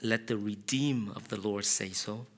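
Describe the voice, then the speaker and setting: Bright-voiced earnest male preacher. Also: lowish voice, fairly even intonation, measured pace, gravelly. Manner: earnest, confessional, builds to loud passionate shouting. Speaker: pastor. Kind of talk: sermon.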